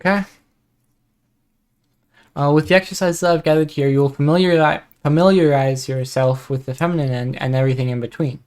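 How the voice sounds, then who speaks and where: A woman's voice: extremely low pitch, mellow. A woman streamer talking casually on a live stream, reading out an introduction and then chatting, easily distracted. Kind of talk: live-stream chat and commentary.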